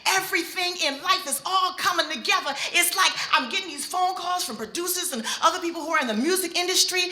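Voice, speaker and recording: A woman voicing an excited young man, eager and boastful, telling good news in a rush. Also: very high voice, pitched above the performer's own voice, full character voice. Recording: echoey hall.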